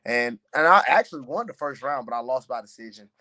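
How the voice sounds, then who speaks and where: A young man, a fighter, chatting on a podcast and telling stories in a loose, animated way, full of "man" and "you know.". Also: mid-range voice, brisk. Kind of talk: casual podcast chat.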